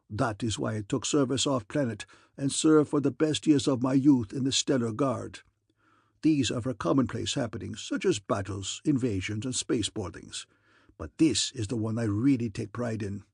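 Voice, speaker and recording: A man voicing a swaggering con man who poses as a gruff nobleman, growling in a thick put-on accent. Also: mid-range voice, darkish tone, dry recording, studio quality.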